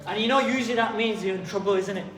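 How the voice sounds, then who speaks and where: A man giving a lively talk to a youth group, questioning and calling out to his listeners. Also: sits high, very fast, noisy background. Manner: animated, questions and calls out to listeners. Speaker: youth teacher. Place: community hall with young audience. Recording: roomy hall, distant mic, crowd behind.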